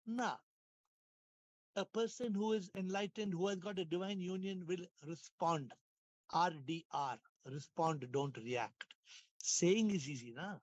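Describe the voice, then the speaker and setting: A man speaks in a voice gone hoarse, fairly high for a man. He teaches playfully over a video call, laughing and repeating himself. The sound is dry and a little dull. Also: no room sound. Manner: playful, laughing, repeats phrases, asks questions. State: hoarse, lost his voice. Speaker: spiritual teacher hosting an online class. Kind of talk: casual spiritual class talk.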